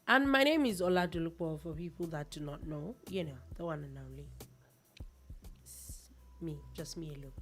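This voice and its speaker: A woman co-hosting a casual radio show, bantering playfully and teasing her partner. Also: lowish voice. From Nigeria. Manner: playful, teasing, talks over her co-host.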